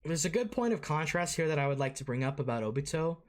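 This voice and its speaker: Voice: mid-range voice, animated, fast talker. An anime reaction host giving casual, rambling commentary, swearing freely and full of fillers and restarts.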